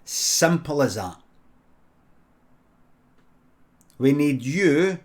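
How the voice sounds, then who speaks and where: A Scottish man voicing an offhand army recruiter who talks slowly and dismissively. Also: mid-range voice, close to an everyday voice.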